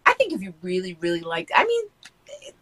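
American woman rambling on a podcast, bright voice, lots of likes and restarts. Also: lowish voice, huge pitch swings, fast talker, low-quality recording. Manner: rambling, frank, many fillers and restarts. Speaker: podcast guest. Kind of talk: casual chat.

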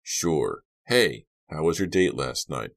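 A man voicing a middle-aged police lieutenant and father who speaks in a flat, matter-of-fact way. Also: very deep voice, takes it slowly, gravelly, exaggerated voice.

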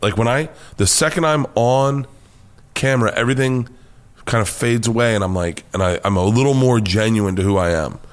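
An American man, a comedian guest, telling a wild story with lots of swearing and high-pitched acted-out quotes. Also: normal speed. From United States. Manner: excitable, swears freely, acts out quotes in a high voice. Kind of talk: animated storytelling.

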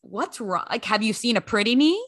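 Woman, podcast co-host, casual chat, playful quick asides, bright tone. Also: a little high, lively intonation.

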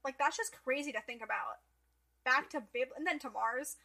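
High, bright-voiced young woman chatting. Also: moderate pace, vocal fry. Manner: chatty, peppered with "like". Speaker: podcast co-host. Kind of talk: casual podcast chat.

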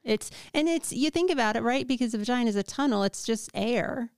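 A woman guest tells her stories in a lively way, with a slightly high, smooth voice. She laughs often and keeps an easy, casual pace. The sound is dry and close to the mic. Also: brisk, no echo. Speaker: podcast guest, writer. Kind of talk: casual conversational chat.

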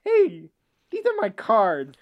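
A man doing a lisping impression of a talk show host, in a high, loud voice. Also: wildly swooping pitch, takes it slowly, highs cut off, heavily acted. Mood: hammy.

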